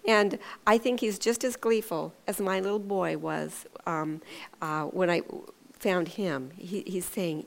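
A woman giving an informal devotional sermon, talking earnestly and conversationally, with hesitant restarts and lively storytelling. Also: fairly low pitch, a little slow, gravelly. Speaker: devotional speaker.

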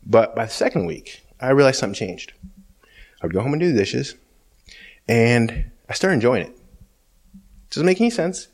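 A man's voice: mid-range voice, sing-song, normal speed, long pauses. A man giving a personal faith testimony in a conversational, storytelling way, acting out dialogue in shifting voices and often checking in with asides. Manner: frequent asides like "okay?" and "you know".

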